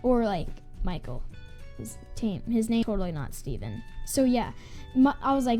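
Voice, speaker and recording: A woman's voice: on the high side, big pitch swings, moderate pace, warm tone, faint music behind. A female gaming channel host telling a school story in a casual, rambling way, full of "like" fillers and restarts.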